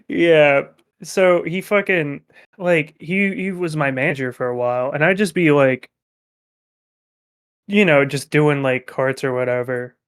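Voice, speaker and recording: A young man co-hosting a podcast, telling work stories in a profane, animated way. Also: fairly high pitch, unhurried, smooth. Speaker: podcast co-host. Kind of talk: casual chat.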